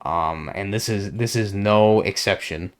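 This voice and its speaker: Profane rambling man, halting restarts. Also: lowish voice, clean tone. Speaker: solo podcaster. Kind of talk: rambling monologue.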